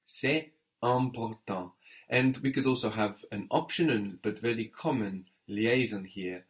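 A man's voice: lowish voice, unhurried. A man teaching French in an audio lesson, patient and methodical, prompting the learner and spelling words letter by letter.

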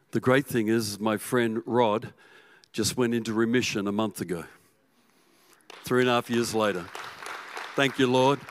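A man preaching a sermon as pastor, telling the story with animation and swinging from loud to hushed. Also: mid-range voice.

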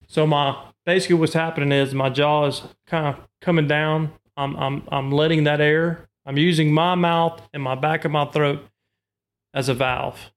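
Brief: middle-aged man, slightly high voice, patient instructional talk, repeats points. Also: fairly even intonation, moderate pace. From Arkansas. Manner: explains technique with homely comparisons, repeats himself. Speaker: duck call maker and hunter.

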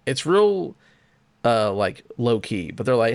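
A man's voice: mid-range voice, slow pace, no room sound. Joking, foul-mouthed man on a podcast. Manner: animated, profane and joking. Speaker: podcast host. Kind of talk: casual chat about video games.

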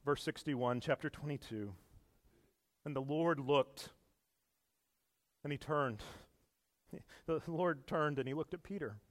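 Speaking slowly and pausing often, a high-voiced pastor gives an earnest church sermon that moves from hushed tones to loud emphasis. Now and then he stumbles, repeats himself, or laughs a little, while his voice echoes at length through a large hall.

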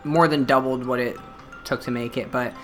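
Podcast co-host, male, bright voice, casual film-review banter. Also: mid-range voice, moderate pace, soft background music. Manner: animated, swearing, many fillers. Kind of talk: casual movie review chat.

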